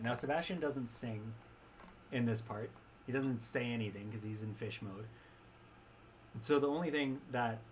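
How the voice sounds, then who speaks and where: A man's voice: medium pitch, slight background noise. A young man chatting casually on a stream, wry and rambling with frequent restarts. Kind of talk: casual chat.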